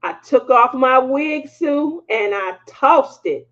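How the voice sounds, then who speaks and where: A woman hosting a craft livestream, telling a story to her viewers in candid, animated casual chat and laughing as she goes. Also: sits high, slow, dull audio.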